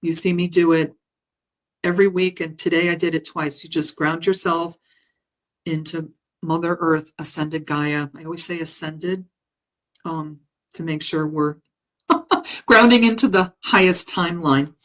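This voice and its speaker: A woman who works as a spiritual healer, passing on meditation messages in a gentle, halting way with frequent pauses and fillers. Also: sits low, fairly even intonation, low-quality recording. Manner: gentle, halting, with frequent ums and soft laughs. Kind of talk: guided meditation message reading. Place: home live stream.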